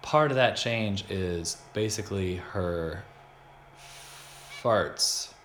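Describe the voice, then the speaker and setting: A man's voice: low-pitched, drawn-out words, a bit bright. A man in his thirties hosting a casual podcast, telling amused stories about parenting, recorded in an echoey room with faint noise. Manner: chatty, amused storytelling. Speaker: podcast host. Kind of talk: casual chat.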